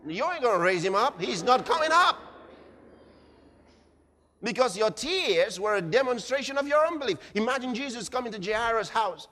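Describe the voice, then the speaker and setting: A man delivers a fiery sermon in a high, lively voice that leaps from shouts to near-hushed asides. His tone is bright and forceful. The sound carries the long reverb of a large church hall. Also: moderate pace. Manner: dramatic, shifts between shouting and low intensity. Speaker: preacher.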